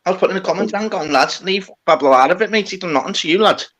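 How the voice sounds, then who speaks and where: A man's voice: high voice, lively intonation, rapid-fire, fairly bright tone. A man, chatting casually as a panel guest and calling everyone "lad" and "mate". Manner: slangy, calls people "lad" and "mate". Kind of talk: casual chat.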